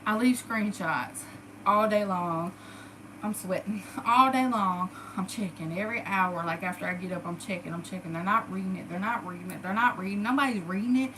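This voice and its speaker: A woman in her thirties telling a personal story in a casual, animated and profane way. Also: medium pitch, brisk, a little hiss or hum, poor audio. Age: 30s. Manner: animated, profane, dramatic retelling. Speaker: storyteller vlogger.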